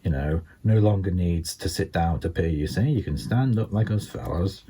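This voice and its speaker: A man's voice: moderate pace, breathy edge. An older man with a Scouse accent doing a rambling stand-up comedy routine, full of ums and asides. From England. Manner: rambling, filled with ums and you-knows, lively pitch swings.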